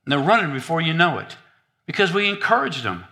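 A man preaching a sermon in an animated, humorous, conversational way. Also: on the high side, a little fast.

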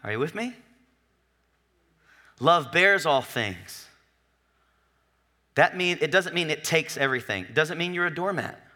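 A man's voice: a little high, lively intonation, fast talker, hardly any pauses, sharp tone. A male pastor preaching a sermon in a conversational, joking way, often asking the congregation if they are with him.

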